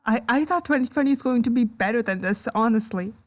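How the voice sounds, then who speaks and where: A woman doing reaction commentary on a video, exasperated and stammering, breaking into yells of disbelief. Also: on the high side, fast. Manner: exasperated, stammering, bursts into yelling. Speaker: commentary YouTuber.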